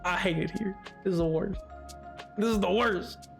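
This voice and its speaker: A man's voice: high voice, moderate pace, gravelly, soft background music. A man streamer chatting casually while playing a game live, rambling with stammered restarts and dry sarcasm.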